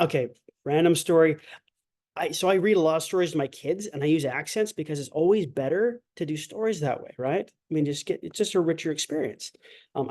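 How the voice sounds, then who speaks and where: A man with a slightly high, darkish voice teaches a language lecture online. He's chatty and prone to digressions, full of fillers, and he acts out sounds through exaggerated voicing to demonstrate them.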